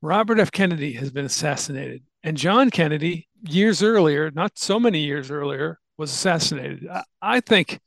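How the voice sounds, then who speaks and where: Man, podcast host, gravelly, dry close sound, rambling history explainer. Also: on the high side, lively intonation, normal speed, few pauses, a bit bright, no echo. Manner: explains at length, with fillers and restarts. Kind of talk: casual history chat.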